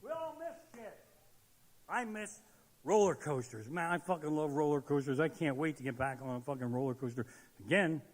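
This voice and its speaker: A man doing a profane stand-up comedy set on stage, ranting and shouting his punchlines. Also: fairly high pitch, animated, normal speed. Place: live comedy stage in a large hall. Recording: live venue with long hall reverb.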